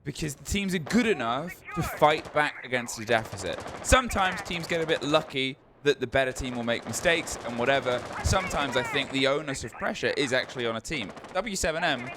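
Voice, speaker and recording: A man's voice: medium pitch, expressive, a little fast, few pauses, noisy background. A man casting a live esports match, analytical and full of joking banter. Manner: chatty, analytical, jokey banter. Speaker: esports caster. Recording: broadcast mix with game gunfire behind.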